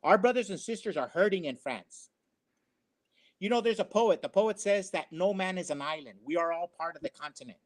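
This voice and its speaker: A man's voice: sits high, lively intonation, brisk. A man giving opinionated commentary, emphatic and preachy, repeating his phrases for effect. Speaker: co-host.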